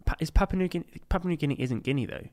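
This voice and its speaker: A man's voice: on the high side, lively intonation, racing, darkish tone. A man playing along in a casual football quiz chat, chatty and self-mocking. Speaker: quiz contestant.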